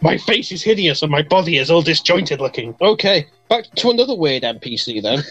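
A man hosting a casual podcast chat, jokey and animated, laughing often. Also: on the high side, fairly quick, husky, faint music behind, poor audio. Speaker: podcast host.

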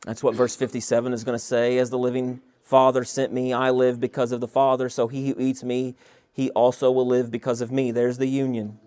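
A man's voice: medium pitch, little pitch movement, fairly quick, warm tone. A male pastor preaching an expository sermon, reading scripture verses aloud and asking the listeners rhetorical questions.

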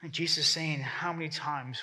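A man's voice: fairly high pitch, steady tone, moderate pace, sharp tone. A man preaching a sermon as pastor, talking conversationally and acting out the voices he quotes.

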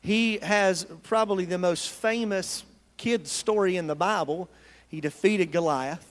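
High-voiced preacher in a reverberant church. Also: male voice, a little slow. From United States. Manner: earnest preaching with call-and-response to the congregation. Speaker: pastor. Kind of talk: sermon. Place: church sanctuary.

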